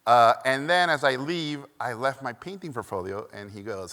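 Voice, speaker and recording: A man's voice: medium pitch, normal speed, noisy background. A man from Mexico giving a conference keynote, telling stories animatedly with many "uh" fillers and acted-out quotes, in a large echoey hall. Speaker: keynote speaker. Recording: echoey hall from a stage mic.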